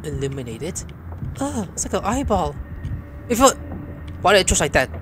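A man's voice: sits high, sing-song, moderate pace, fairly bright tone, slight background noise. A man doing let's play commentary, exclaiming and swearing at what happens on screen. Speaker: gaming YouTuber.

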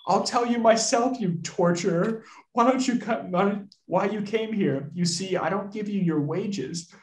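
A man putting on an enraged, bitter man who yells at his servant, his voice climbing high and straining louder. The reading carries a roomy echo, as though taken in a bare room. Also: measured pace. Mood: furious. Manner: shouty, shaking with rage. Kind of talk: dramatic reading.

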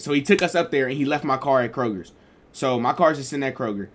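Young dude rambling a storytime vlog, slangy and loose. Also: male voice, medium pitch, a little fast, fairly bright tone, a little hiss or hum. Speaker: streamer and vlogger.

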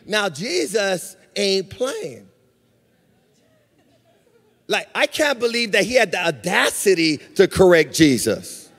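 High-voiced preacher in a reverberant hall. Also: male voice, slow pace, vocal fry, long pauses. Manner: animated preaching, sing-song cadence, acts out quotes. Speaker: pastor. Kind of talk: live sermon. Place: church sanctuary.

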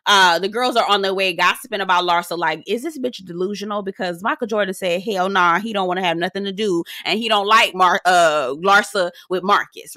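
A woman's voice: lowish voice, sharp tone, dry recording, clean studio sound. A woman hosting a casual reality TV recap, sassy and dramatic, swearing freely and mimicking the cast. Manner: sassy, dramatic, profane, quick mimicry of others.

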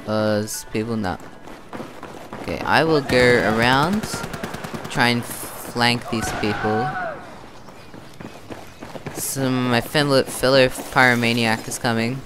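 A man's voice: mid-range voice, slow, pauses often, over music. A young man from Australia chatting his way through gameplay commentary, narrating his own moves as he plays. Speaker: gaming channel host. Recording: loud game gunfire behind voice.

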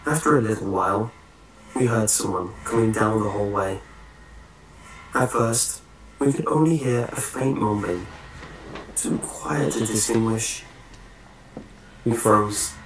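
A man giving a measured, suspenseful scripted horror narration. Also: on the low side, steady tone. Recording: roomy echo, faint hiss.

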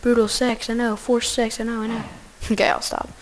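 A woman giving goofy, excitable casual gameplay commentary, talking to the animals in her game. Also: a little high, brisk, slight background noise.

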